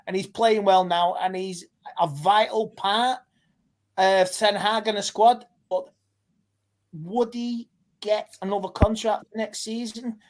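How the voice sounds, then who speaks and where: A man talking as a guest fan pundit in a casual football podcast chat, rambling and stop-start, often restarting his sentences. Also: high voice.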